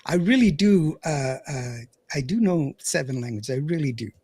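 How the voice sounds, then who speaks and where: Husky chatty radio host. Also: male voice, on the high side, animated, normal speed, a little mellow, dry recording. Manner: chatty, laughs often, stumbles over words. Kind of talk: casual radio chat reading viewer comments.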